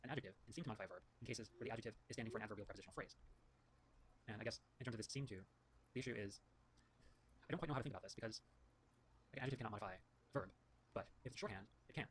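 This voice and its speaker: A man with a fairly low voice hosts his own show, reviewing writing feedback by reading emails and quotes aloud. He rambles through grammar points and often corrects himself mid-sentence. There's a little hiss or hum on the audio.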